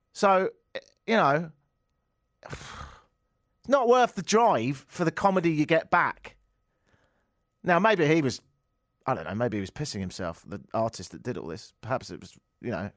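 A man's voice: on the high side, no room sound, studio quality. A man telling a comic story, sardonic and given to ranting outbursts. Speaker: comedian. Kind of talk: stand-up anecdote.

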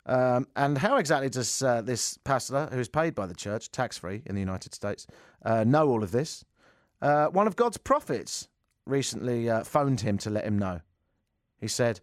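A man's voice: medium pitch, expressive, moderate pace, no echo, studio quality. A man hosting a radio talk show, delivering a sarcastic, rambling monologue full of mocking asides. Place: radio studio. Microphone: studio microphone.

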